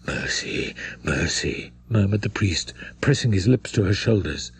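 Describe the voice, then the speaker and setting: A man narrating a classic novel in a dramatic, measured storytelling manner. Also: lowish voice, lively intonation, vocal fry, darkish tone, breathy edge, no echo. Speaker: audiobook narrator.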